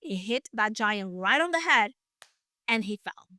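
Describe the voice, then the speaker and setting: A woman's voice: medium pitch, lively intonation, a little slow, pushed and bright, no echo. A woman retelling a Bible story in a casual, chatty way, with playful asides and emphasis.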